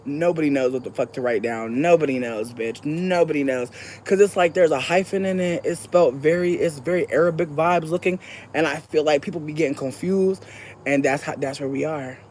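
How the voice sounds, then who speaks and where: A woman streamer chatting casually with her viewers, swearing freely and laughing loudly. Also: low-pitched, fairly quick, a little hiss or hum. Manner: profane, animated, laughs loudly. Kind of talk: casual chat.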